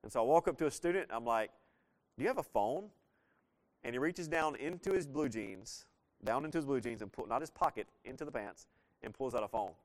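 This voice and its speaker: A middle-aged man, preaching a sermon in an easygoing storytelling way and slowing down to stress key phrases. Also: medium pitch. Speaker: pastor.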